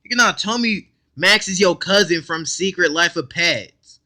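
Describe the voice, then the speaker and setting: A man hosting a casual reaction video, excitable and blunt, talking in slang straight to his viewers and cutting in often to comment. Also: high voice, normal speed. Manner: excitable, blunt and profane, keeps interrupting with "hold up".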